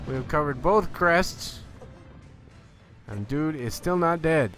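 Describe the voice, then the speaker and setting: A man hosts a live gameplay stream, chatting casually and joking with his viewers. His voice is bright and forceful, and faint game music plays behind him. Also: on the high side, animated, slow. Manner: chatty and joking, answers chat.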